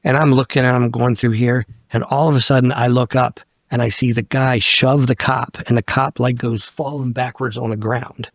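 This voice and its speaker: A man's voice: mid-range voice, level tone, moderate pace, dry recording. Man in his 50s telling a story on a podcast, blunt and sweary, dry close sound. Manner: blunt, swears freely, acts out quotes. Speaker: guest. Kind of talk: candid storytelling interview.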